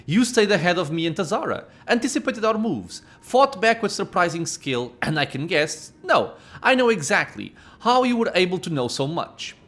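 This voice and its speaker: A man voicing a cruel, sneering male dark elf captor with contemptuous menace. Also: high voice, big pitch swings, normal speed, hardly any pauses, pitched above the performer's own voice, heavily acted. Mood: menacing.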